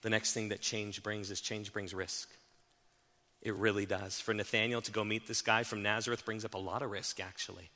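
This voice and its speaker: A man preaching a sermon as pastor, swinging from hushed, slow emphasis to loud, fast, animated stretches. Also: on the low side, long reverb tail.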